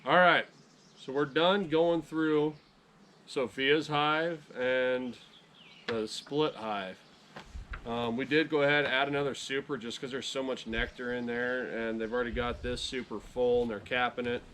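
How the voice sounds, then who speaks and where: A man chatting casually to camera outdoors beside his beehives in a relaxed, rambling way, often correcting himself. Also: medium pitch, unhurried, slight background noise. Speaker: beekeeping vlogger.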